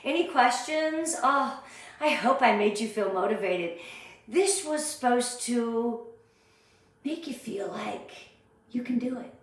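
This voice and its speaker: A woman's voice: on the high side, expressive, slow, distant mic. Emotional woman in an echoey room. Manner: heartfelt, emotional and chatty, laughs often. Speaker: direct sales team leader. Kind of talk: motivational live training talk. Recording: very echoey room, away from the mic.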